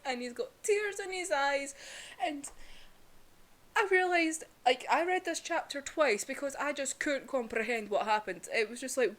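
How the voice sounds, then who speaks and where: A woman's voice: high-pitched, normal speed, a bit bright. A young woman giving a casual, emotional review of a manga, chatty, full of "like" and the odd swear word.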